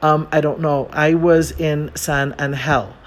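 A man's voice: a little high, steady tone, unhurried. An American man telling a self-mocking travel story in a chatty, casual way, with many fillers. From United States.

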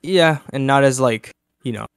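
A young student co-hosting a casual podcast in a tired voice, talking haltingly with lots of fillers. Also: male voice, medium pitch, smooth. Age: young adult. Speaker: podcast co-host. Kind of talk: casual chat.

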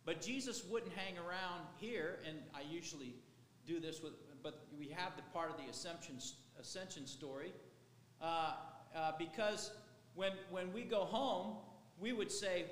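A man's voice: high-pitched, measured pace, a bit bright. A man, a pastor, preaching a sermon in a conversational, rambling way. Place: church sanctuary. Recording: echoey hall with faint ambience.

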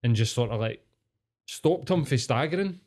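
A man's voice: mid-range voice, normal speed. A man with a Glasgow Scottish accent telling a story in casual chat, swearing a lot and acting out the people in it. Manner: sweary, animated storyteller, acts out quotes.

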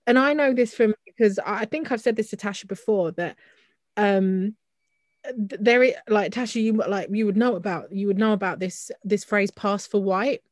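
A woman talks in a casual podcast, heated and circling back with restarts and frequent "like". Her pitch sits mid-range. The sound is close and dry, with no room around it. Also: normal speed, dry recording. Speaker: podcast co-host. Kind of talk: casual chat.

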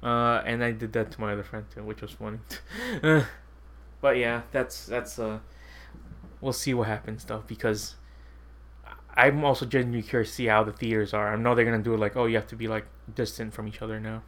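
A man's voice: on the low side, fairly even intonation, brisk, fairly bright tone. A man co-hosting a podcast, chatting casually and telling stories with frequent laughter. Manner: laughs often, loose rambling storytelling. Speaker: podcast co-host. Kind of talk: casual chat.

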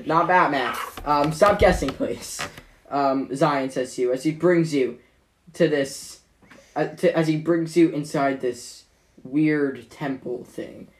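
A game master with a mid-range voice narrates a tabletop game, rambling along with many pauses and restarts.

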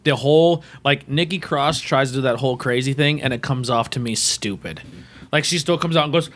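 A man's voice: medium pitch, fairly quick, fairly bright tone, a little hiss or hum. A man hosting a casual wrestling podcast, rambling and self-mocking, loose and profane. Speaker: podcast host. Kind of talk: casual chat.

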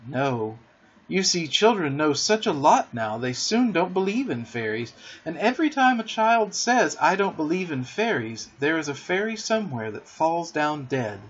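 A man voicing an eager, boastful young boy who never wants to grow up, with lively boyish talk, in a dull lo-fi recording. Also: fairly high pitch, normal speed, slightly rough.

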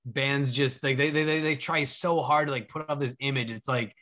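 A male musician in a casual band interview, his mid-pitched voice bright and forward. He talks animatedly, tripping over repeated words and tossing in "dude.". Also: normal speed. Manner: animated, stammering restarts, calls people dude. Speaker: band member.

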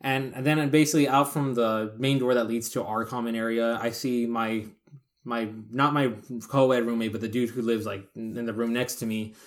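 A man's voice: mid-range voice, steady tone, normal speed. Profane rambling man telling a story. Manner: profane, rambling, acts out quoted voices. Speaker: podcast co-host. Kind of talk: casual storytelling chat.

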